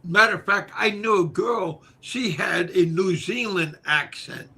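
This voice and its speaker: An older man hosting his own channel, chatting casually in a halting way, repeating words and pausing on fillers. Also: sits high, sharp tone, slightly rough. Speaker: channel host. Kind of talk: casual livestream chat.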